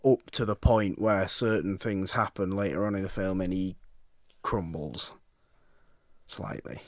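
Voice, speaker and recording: A man co-hosting a podcast, talking about films casually, lively and acting out reactions. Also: sits low, no echo, clean studio sound. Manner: animated, acts out reactions, frequent restarts. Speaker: podcast co-host. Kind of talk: casual film chat.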